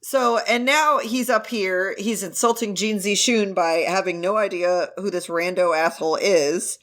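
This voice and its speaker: A woman co-hosting a podcast, recapping a story chapter in casual chat, animated and swearing freely. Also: medium pitch, a little slow. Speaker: podcast co-host.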